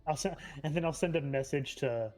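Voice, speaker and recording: A man's voice: fairly high pitch, a little fast, darkish tone, faint music behind. A man playing his character in a tabletop game, sounding weary and exasperated. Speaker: player. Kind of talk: in-character tabletop role-play.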